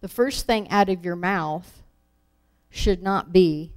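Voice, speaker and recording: A woman teaching a Bible lesson, reading verses aloud and acting out the quoted lines with animated emphasis. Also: lowish voice, takes it slowly. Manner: animated, acts out scripture quotes.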